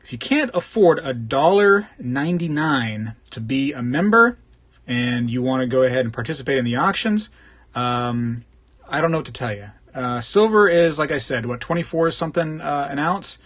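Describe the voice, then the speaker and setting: A man's voice: medium pitch, lively intonation, moderate pace, fairly bright tone. A man hosting a casual live stream, chatting and joking as he greets viewers by name and rambles between topics. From Florida. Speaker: host of a live coin collecting stream.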